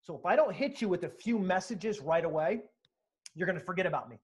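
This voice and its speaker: A man's voice: high voice, fairly quick. A man being interviewed as a sales author, telling stories with energy and emphasis, acting out quotes and swearing now and then. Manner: animated, emphatic, acts out quotes, occasional profanity. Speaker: sales speaker and author, guest.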